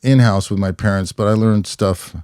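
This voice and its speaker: Middle-aged Californian man, low smooth voice, reflective storyteller, dry close sound. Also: steady tone, a little mellow, no room sound. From California, USA. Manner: reflective, unhurried, many "you know" fillers. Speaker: podcast guest, former police officer. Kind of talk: conversational storytelling.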